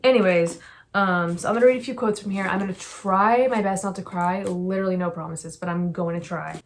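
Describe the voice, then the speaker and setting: A woman's voice: fairly low pitch, steady tone, brisk, a little hiss or hum. Gushing young woman reviewing books. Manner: gushing, effusive and rambling. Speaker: book vlogger. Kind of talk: casual book review chat.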